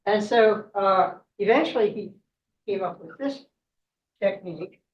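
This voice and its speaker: A mid-range, slightly slow woman's voice tells a myth in a chatty way for a club meeting, where she's the guest speaker, laughing often and asking "right?". There's slight background noise, and the sound is dull and echoey from a distant mic.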